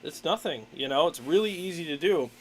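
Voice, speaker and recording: A man hosts a casual livestream, talking through his gear and greeting viewers in a relaxed, chatty way. He fills pauses with "um" and "uh" and laughs often. His voice sits a bit high for a man. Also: husky. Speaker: livestream host, guitarist.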